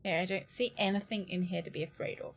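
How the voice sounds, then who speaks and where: A woman's voice: fairly low pitch, fairly even intonation, fast, slight background noise. A woman streaming a horror game live, talking to herself and her chat with nervous, jittery laughter.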